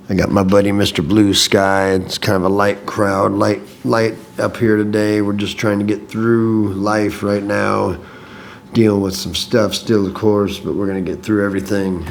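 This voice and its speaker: A man's voice: fairly low pitch, little pitch movement, unhurried, vocal fry, slight background noise. Rambling, cursing man from Illinois. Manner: rambling, profane, self-deprecating. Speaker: podcast host. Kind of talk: casual monologue recap.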